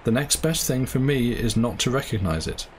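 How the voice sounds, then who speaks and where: A man's voice: mid-range voice, expressive, moderate pace, slight background noise, close to an everyday voice. A man reading the part of a cynical, cool-headed young doctor who speaks in a sneering, offhand way.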